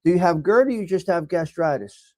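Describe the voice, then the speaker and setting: A middle-aged man with a New York accent hosting a casual live chat, giving blunt, profane tough love to viewers and swinging from low mutters to loud outbursts. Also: animated, fairly quick, dry recording. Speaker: livestream host reading chat.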